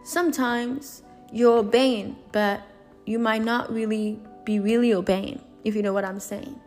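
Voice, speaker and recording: A woman's voice: on the high side, steady tone, a little slow, darkish tone, soft background music. A woman preaching a sermon in an earnest, emphatic way, repeating and restarting her phrases.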